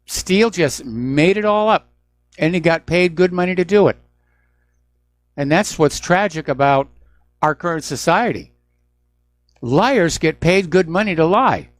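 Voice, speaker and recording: A man's voice: fairly high pitch, no room sound. A man hosting a radio news talk show, delivering an emphatic, indignant commentary monologue.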